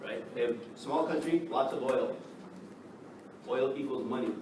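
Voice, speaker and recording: A man from the United States teaching an English class, lively and checking in with the students by asking "right?" again and again. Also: medium pitch, measured pace. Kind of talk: classroom lecture. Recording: echoey classroom from far off, noisy.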